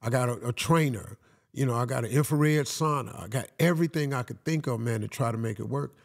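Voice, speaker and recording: A man with a gravelly, rough-edged voice sits at a mid-range pitch, neither high nor low. He is a podcast guest recounting his experience in a loose, conversational way. He talks emphatically and keeps throwing in "man.". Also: a little fast. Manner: emphatic, peppers talk with "man". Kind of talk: casual storytelling conversation.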